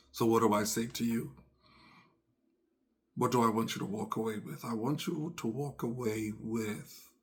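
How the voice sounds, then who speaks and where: Earnest man telling a parenting story. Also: fairly low pitch. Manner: earnest, repeats phrases, acts out quoted dialogue. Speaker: podcast host. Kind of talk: reflective personal talk.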